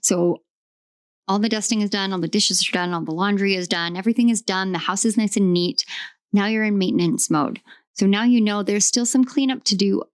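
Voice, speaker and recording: A woman's voice: mid-range voice, smooth, no echo, studio quality. A woman doing a tarot card reading, speaking in emphatic, repetitive affirmations. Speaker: tarot reader.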